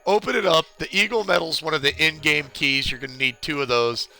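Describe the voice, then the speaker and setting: This live-stream gamer from California talks casually with viewers while working through a game walkthrough, greeting them and rambling along. His fairly high voice is brisk, creaky, bright and forceful.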